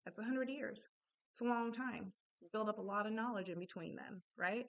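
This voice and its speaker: A woman's voice: medium pitch, fairly quick, a bit bright, dry recording. A woman in her thirties, a self-help speaker talking in a casual, reflective way and often checking in with listeners. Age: 30s. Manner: conversational, often asks "right?" of listeners.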